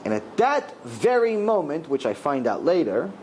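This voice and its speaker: A man's voice: on the high side, sing-song, moderate pace, darkish tone, a little hiss or hum, rough recording. A middle-aged man and rabbi giving a storytelling Torah lecture, acting out the dialogue in raised voices.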